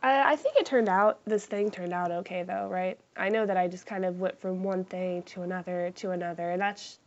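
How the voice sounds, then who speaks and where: A woman's voice: medium pitch, fairly even intonation, a little fast, few pauses, highs cut off. A woman chatting casually in a craft vlog, self-deprecating and swearing freely, sometimes dropping to a whisper. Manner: drops into whispers for asides. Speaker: craft vlogger.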